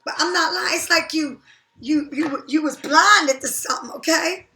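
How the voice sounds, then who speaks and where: A woman giving a casual tarot reading straight to the viewer, blunt and profane, talking in an animated way. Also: high-pitched, normal speed, reverberant. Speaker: tarot reader.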